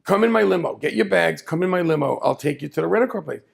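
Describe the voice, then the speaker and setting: A woman's voice: on the low side, lively intonation, quick pace, gravelly, pitched above the performer's own voice. A man voicing a brash, generous older woman celebrity who insists and talks over objections. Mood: insistent.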